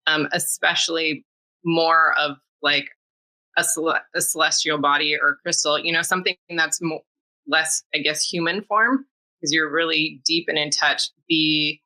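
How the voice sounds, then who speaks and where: A woman reading a human design chart in a casual spiritual conversation, explaining in a measured way. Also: sits low, bright, forceful tone, low-quality recording.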